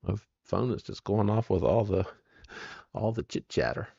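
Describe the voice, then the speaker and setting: A low, gravelly man talks through a relaxed, rambling live stream and greets viewers by name. The sound is dry and a little dull, like a lo-fi desk mic. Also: moderate pace, dry recording. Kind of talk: casual live-stream chat.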